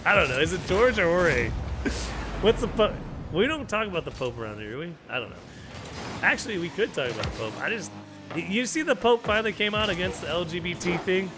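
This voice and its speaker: This American stream host has a high-sitting voice with lively intonation and a brisk pace, and there's noise in the background. He chats loosely while watching a game, frequently laughing, stammering, and repeating himself.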